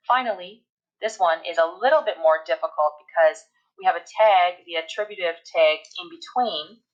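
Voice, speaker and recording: A woman teaching a recorded English grammar lesson, explaining step by step and reading examples aloud slowly. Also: lowish voice, fairly bright tone, highs cut off.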